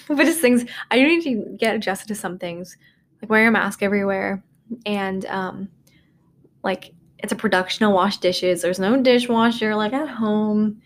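Here a podcast host in her twenties talks on her own from a dorm room in a mid-range voice. Her style is loose and rambling, self-deprecating, and packed with "um" and "like."

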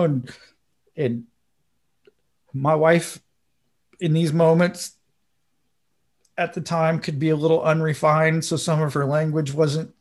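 A man co-hosting a podcast, telling a story in casual chat and acting out the quotes with sudden high bursts. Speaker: podcast co-host.

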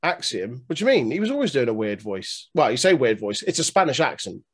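A man's voice: mid-range voice, big pitch swings, a little fast, husky. A man co-hosting a podcast in casual chat, trading dry teasing banter and swearing. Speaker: podcast co-host.

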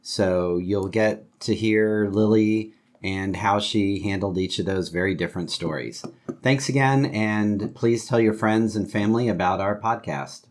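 A man hosting a podcast in a relaxed, chatty way. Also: lowish voice, measured pace. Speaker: podcast host. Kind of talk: casual chat.

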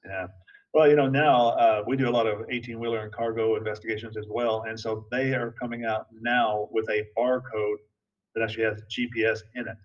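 Man speaking flatly on a muffled, distant line. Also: fairly low pitch, a little fast. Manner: conversational, many "you know" fillers. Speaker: guest investigator. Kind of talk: casual interview talk.

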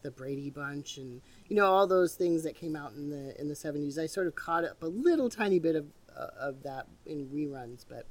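An interviewer and radio host in their fifties, with a mid-range voice, talks casually in an interview while sucking on a lozenge after a cold. The speech rambles with frequent restarts, and the speaker sounds far from the mic.

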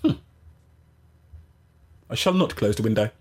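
A man hosting a casual gaming livestream, rambling and animated, often interrupting himself. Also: medium pitch, brisk, husky. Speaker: gaming channel host.

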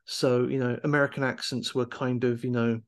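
A man's voice: medium pitch, little pitch movement, normal speed. A man in his forties co-hosting a podcast in casual chat, rambling and hesitant as he talks. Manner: rambling, hesitant, full of restarts. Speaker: podcast co-host.

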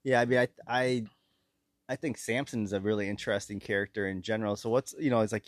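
A man's voice: on the low side, steady tone, fast talker, no room sound, studio quality. A man co-hosting a podcast, chatting casually about a movie, jumping between points and laughing often. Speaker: podcast co-host.

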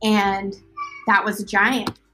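A woman's voice: mid-range voice, level tone, slow pace, pushed and bright, slight background noise, poor audio. A woman guest on a podcast speaking sincerely and reflectively in casual conversation. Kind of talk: casual interview chat.

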